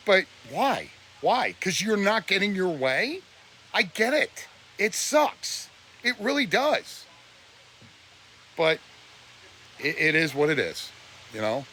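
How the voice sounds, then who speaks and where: A man's voice: fairly high pitch, sing-song, slow, pauses often, bright, forceful tone. A man ranting on a live stream, preachy and blunt, his voice close to breaking with emotion. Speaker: livestreamer.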